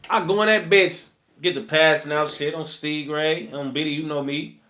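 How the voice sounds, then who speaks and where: A man's voice: on the high side, fairly even intonation, normal speed, sharp tone. Slangy man telling stories. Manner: slangy, rambling, filler-heavy street talk. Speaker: vlogger telling his prison story. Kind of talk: casual storytelling.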